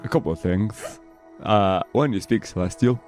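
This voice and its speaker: A man playing a tabletop game, relaxed and joking as he talks for his character. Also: fairly low pitch, moderate pace, soft background music. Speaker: player. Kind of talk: casual tabletop game play.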